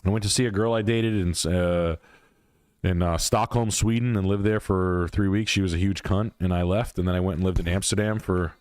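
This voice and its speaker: A man's voice: sits low, steady tone, fairly quick, a little mellow, clean tone, dry recording. A man hosting a livestream, ranting bluntly and profanely in a casual, emphatic way. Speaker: livestream host.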